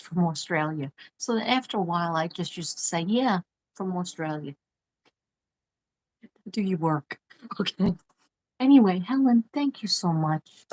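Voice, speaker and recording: A woman's voice: lowish voice, rough recording. A middle-aged woman from Staten Island with a New York accent, chatting casually on a livestream, rambling and laughing often. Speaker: livestream host, former teacher. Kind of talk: casual livestream chat reading mail.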